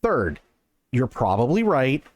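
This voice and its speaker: Casting: calm, patient woman dispatcher as a male storyteller puts her on, mid-pitched, dry close mic. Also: slow, no echo. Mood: reassuring. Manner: calm, reassuring, stifling laughter.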